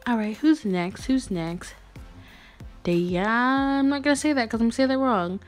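A woman's voice: fairly high pitch, moderate pace. A young woman vlogger chatting casually and gushing as she reads fan messages aloud. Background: faint music.

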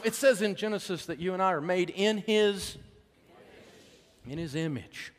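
A middle-aged U.S. speaker on faith and money preaches in a hall in a high voice, at normal speed with long pauses. His sermon-like storytelling is folksy and emotional, rising to loud preaching and dropping to a soft hush.

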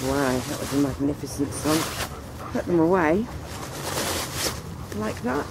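A woman talking to the camera on an outdoor walk, meandering with many pauses and fillers. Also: low voice, lively intonation, very noisy. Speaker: vlogger. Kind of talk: rambling walk-and-talk vlog.

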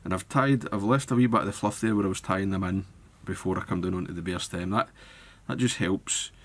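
Low-voiced man. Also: a little fast. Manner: relaxed, thinking aloud while working with hands. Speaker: fly tying instructor. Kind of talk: step-by-step tutorial narration.

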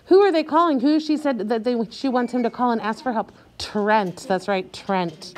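A woman with a slightly high voice runs a reading lesson for young kids. Patient and unhurried, she pronounces each word clearly and draws it out.

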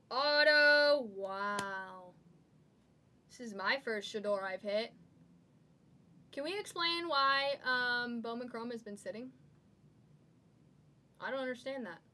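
A woman hosting a live trading card break, excitedly calling out each card as she pulls it. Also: a little high. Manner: excitable, calls out cards rapidly.

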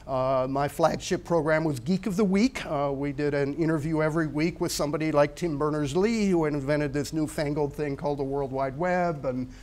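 A man in his sixties giving a talk, telling stories in a relaxed, conversational way with frequent fillers. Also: fairly high pitch, moderate pace, few pauses. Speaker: guest speaker. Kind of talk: storytelling talk.

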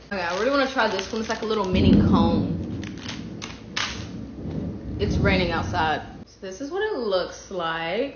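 A woman from the United States in a casual comedic vlog, brash and profane, jumping from loud outbursts to low muttering. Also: a little hiss or hum. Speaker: comedy creator. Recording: echoey room, dull lo-fi sound.

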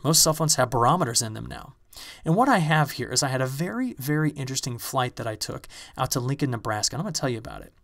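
A man giving a recorded online lecture, telling stories in a lively, animated way. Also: medium pitch. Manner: lively storytelling, animated when excited. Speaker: university lecturer. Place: recording space in Champaign-Urbana.

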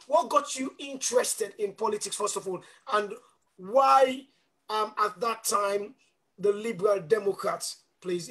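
A man's voice: sits high, a bit bright. A man hosting a live online talk show, chatty, with fillers and self-corrections as he asks questions. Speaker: host.

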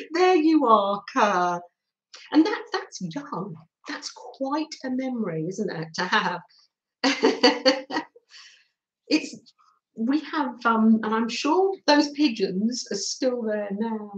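A woman chats her way through a live craft stream, slow and unhurried, with a slightly high voice. She giggles often and talks between bites of cake. The room around her rings with echo. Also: dull audio. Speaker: livestream host reading viewer comments.

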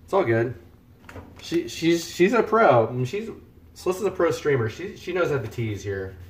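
A man's voice: fairly high pitch, very animated, normal speed, a little hiss or hum. Rambling man streaming from his kitchen. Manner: joking, rambling, talks to chat viewers. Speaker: live-streaming home cook. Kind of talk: casual live-stream chat. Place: home kitchen. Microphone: headset.

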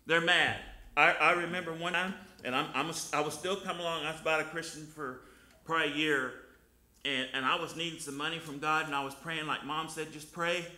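A man's voice: on the high side, steady tone, brisk, bright, forceful tone. A man preaching a sermon, telling folksy personal stories in plain, colloquial speech. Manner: folksy storytelling, colloquial grammar. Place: church sanctuary. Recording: echoey church room.

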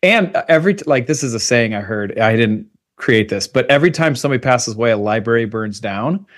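Chatty male podcast host, upbeat, average pitch, casual delivery. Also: lively intonation, fast. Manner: upbeat, chatty, laughs easily. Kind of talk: casual interview conversation.

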